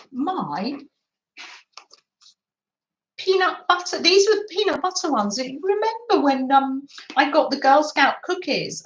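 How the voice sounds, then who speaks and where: Woman, craft stream host, giggly and chatty, lively sing-song delivery, phone mic in an echoey room. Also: high voice. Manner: chatty, giggly, reads out viewer comments. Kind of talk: casual live chat with viewers.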